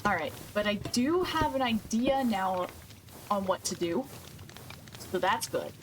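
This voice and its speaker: A woman's voice: medium pitch, expressive, a little slow, slight background noise. A woman streaming a game, thinking aloud and questioning herself as she works through a problem. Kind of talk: casual gameplay commentary.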